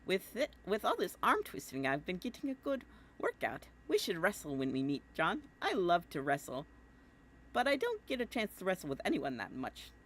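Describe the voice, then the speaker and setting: A woman's voice: fairly low pitch, huge pitch swings, moderate pace, fairly bright tone, breathy edge, exaggerated voice. Woman doing a jolly old-timey adventurer boy. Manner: hearty, folksy and exclaiming. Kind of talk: reading a comic letter aloud in character.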